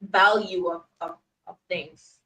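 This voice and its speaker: A woman's voice: fairly low pitch, fairly even intonation, slow, sharp tone, slight background noise, poor audio. A woman from Jamaica hosting an interview, chatting casually and laughing often. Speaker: podcast host.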